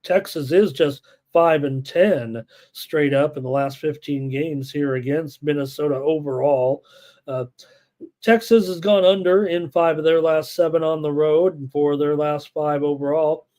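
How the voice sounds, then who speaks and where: A man's voice: a little high, fairly even intonation, measured pace, warm tone. A man hosting a live sports betting show, reading statistics, viewer chat and lineups with many filler words. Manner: rattles off numbers and lineups, many filler uhs.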